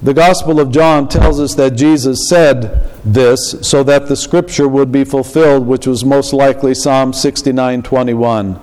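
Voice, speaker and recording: A man preaching a sermon as pastor, in a slow, measured way. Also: medium pitch, steady tone, a little mellow. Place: church. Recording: long reverb of a church hall.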